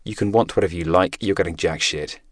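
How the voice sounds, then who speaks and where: A man playing a teenage boy undercover agent who speaks in a flat, controlled and quietly menacing way. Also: sits low, fast, dry recording. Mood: coldly firm.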